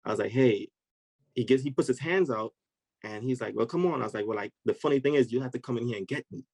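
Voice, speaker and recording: A man recounts a story with real energy, jumping into the voices of the people in it. His voice sits at an ordinary middle pitch. The recording is close and dry, with no room sound around him. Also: fast talker, darkish tone, husky, no room sound, low-quality recording. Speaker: podcast guest. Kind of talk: animated storytelling in conversation.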